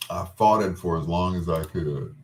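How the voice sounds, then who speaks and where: A man fondly recalling a wedding in casual, heartfelt talk. He is tearful and halting, full of restarts and trailing pauses. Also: deep voice, darkish tone, a little hiss or hum. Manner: tender and tearful.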